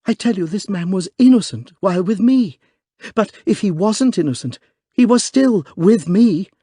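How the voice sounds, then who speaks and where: A man reading aloud, voicing a courageous young Scottish noblewoman with a clear, quivering voice. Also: high voice, lively intonation, normal speed, mellow, no echo, clean studio sound, voice pushed up. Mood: fierce, accusing.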